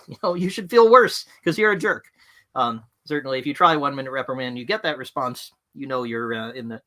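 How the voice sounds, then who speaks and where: Guy with a bright voice running a live webinar, plain-spoken and direct. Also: medium pitch. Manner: frank, direct. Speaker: livestream presenter on management.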